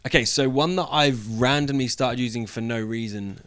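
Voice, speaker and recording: A young man with a British accent, a wrestler chatting as a guest in an interview, playful and quick to laugh. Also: mid-range voice, a bit bright. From United Kingdom. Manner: playful, jokey, laughs easily. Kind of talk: casual interview chat.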